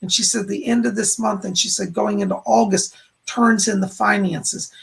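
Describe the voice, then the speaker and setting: A man hosting a live stream as a psychic medium, giving readings to viewers who donate and relaying messages from spirits in a rambling way. His voice is going hoarse. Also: sits high, fairly even intonation, normal speed.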